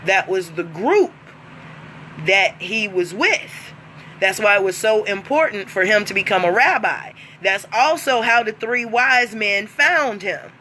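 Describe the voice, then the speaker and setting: A woman talks straight to her viewers in a casual, profane, laughing monologue. Her voice is bright and edged, her delivery unhurried. A faint hum of noise sits under the recording. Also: fairly high pitch. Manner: blunt, profane, laughs often. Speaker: vlogger.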